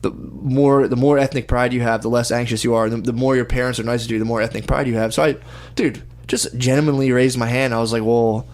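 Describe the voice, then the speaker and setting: A young man chatting casually, rambling through an animated story and mimicking other people's voices. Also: medium pitch, fast talker. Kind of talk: casual chat.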